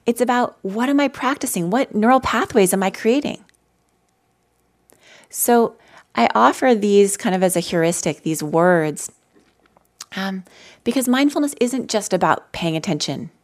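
A woman telling personal stories in a gentle, conversational way as she leads a live mindfulness talk for an audience. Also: mid-range voice, expressive, a little slow, long pauses. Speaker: mindfulness teacher. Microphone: handheld mic.

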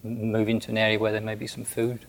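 A man who is a Buddhist monk, recounting a personal story in a gentle, hesitant way with many restarts. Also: fairly low pitch, monotone, fast talker, vocal fry, a little hiss or hum, poor audio.

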